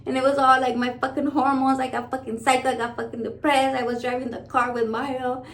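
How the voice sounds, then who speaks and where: Foul-mouthed chatty woman vlogger, high voice. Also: quick pace. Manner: profane, blunt, excitable. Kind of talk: casual storytelling to camera.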